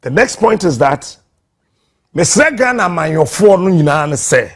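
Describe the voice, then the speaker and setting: A man making a defiant, forceful speech in a played clip, repeating himself and mixing languages. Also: a little high, sing-song, moderate pace, soft background music.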